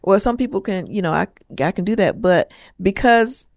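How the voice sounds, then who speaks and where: A woman with a Southern US accent, co-hosting a casual podcast chat in a laid-back, unhurried way. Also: mid-range voice, animated, gravelly, a little mellow, dry recording, clean studio sound. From Southern United States. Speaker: podcast co-host.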